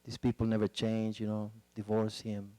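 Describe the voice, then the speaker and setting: A man telling his side of a personal testimony in a halting way, with frequent fillers. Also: on the low side, completely flat delivery, mellow, no room sound. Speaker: guest speaker sharing testimony.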